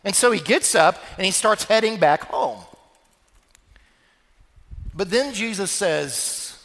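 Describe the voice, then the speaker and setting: Male pastor preaching, dramatic storyteller, very bright voice, echoey hall. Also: high-pitched, big pitch swings, measured pace, pauses often. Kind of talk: sermon. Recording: long reverb of a church hall.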